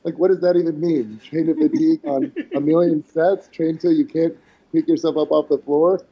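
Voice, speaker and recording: A man's voice: a little high, normal speed, gravelly. A man in his forties, a podcast guest telling stories in casual chat, acting out quotes with many restarts. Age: 40s. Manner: animated storyteller, acts out quotes, many restarts. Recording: dull lo-fi sound.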